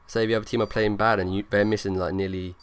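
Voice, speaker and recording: A man's voice: fairly low pitch, flat delivery, fast talker, clear, resonant tone. A young man rambling through casual gameplay commentary, leaning on lots of fillers. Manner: rambling, filler-heavy, talks over gameplay. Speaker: gaming YouTuber.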